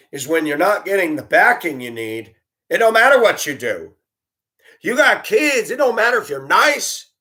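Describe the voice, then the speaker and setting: A man telling stories about his years as a school bus driver, blunt and animated, acting out the voices he quotes. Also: fairly high pitch. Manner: blunt, plain-spoken. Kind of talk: storytelling monologue.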